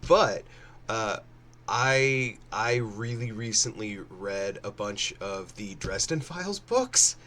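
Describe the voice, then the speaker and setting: A man who runs a tabletop game, talking casually and haltingly, with many "uh"s and restarts. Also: on the low side, expressive, pushed and bright, slight background noise. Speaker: game master. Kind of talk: casual post-game chat.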